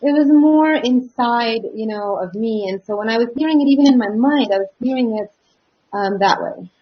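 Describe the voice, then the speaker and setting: Hesitant, thoughtful woman, slightly high voice. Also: moderate pace. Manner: thoughtful, hesitant, many fillers. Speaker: singer and teacher, interview guest. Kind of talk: casual interview chat. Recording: dull lo-fi audio.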